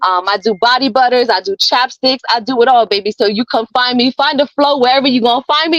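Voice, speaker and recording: A woman's voice: fairly high pitch, fairly bright tone, dry recording, highs cut off. A woman performing a spoken word poem over a video call, laughing between lines and swearing freely, then chatting casually. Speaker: open mic poet.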